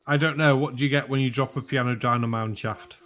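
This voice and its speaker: A man's voice: medium pitch, fairly even intonation, fast, a bit bright. Swearing Welsh man hosting a stream. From Wales. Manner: swears freely, laughs at bad jokes. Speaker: poker stream host. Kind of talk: casual chat.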